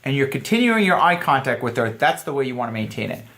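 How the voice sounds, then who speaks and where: A man's voice: mid-range voice, sing-song, fast talker, fairly bright tone. Joking, chatty young male dating coach. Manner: chatty, joking, full of fillers. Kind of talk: casual video lesson.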